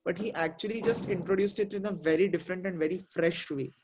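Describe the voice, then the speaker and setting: A man with a high-pitched voice talks through his ideas in a casual group discussion. He reasons step by step and leans on fillers like "like" and "you know." The sound is dull and lo-fi, as on a muffled call. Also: fast talker, noisy background. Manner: thoughtful, explains with examples, many fillers. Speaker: discussion participant.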